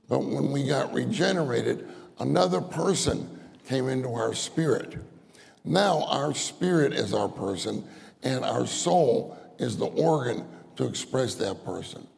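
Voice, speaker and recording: A man preaching a sermon with a gravelly voice, earnestly repeating key phrases and lifting his pitch when he urges the listeners. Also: darkish tone. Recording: long hall reverb.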